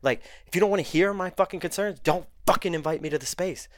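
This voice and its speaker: A man's voice: high voice, fast, dry recording, clean studio sound. A man, a podcast guest, heatedly retelling a story in casual, profane talk.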